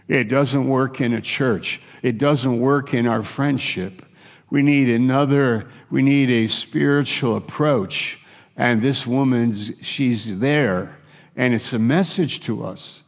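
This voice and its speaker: A man preaching a sermon, retelling scripture scenes in quick acted dialogue with many restarts. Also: medium pitch, creaky. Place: large church hall. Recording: long hall reverb.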